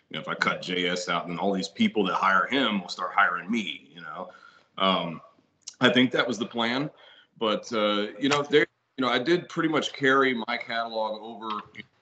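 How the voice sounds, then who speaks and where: A middle-aged man with a lowish voice chats loosely as a podcast guest. He rambles, restarts his sentences and swears freely, heard over a video call. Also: sharp tone, rough recording. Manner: rambling, profane, many fillers and restarts. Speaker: guest, ritual seller. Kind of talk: casual podcast conversation.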